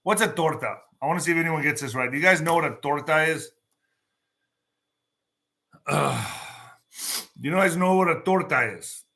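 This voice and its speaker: A man's voice: a little high, expressive, moderate pace, gravelly, long pauses, pushed and bright. A man hosting a casual news commentary show, reading stories aloud and riffing in a loose, joking way. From El Paso, Texas. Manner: loose and jokey, mixing in put-on voices.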